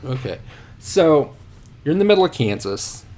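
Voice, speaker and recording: A man's voice: a little high, sing-song, normal speed, a little mellow. A man telling rambling, profane stories about himself as a podcast guest. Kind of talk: casual podcast storytelling.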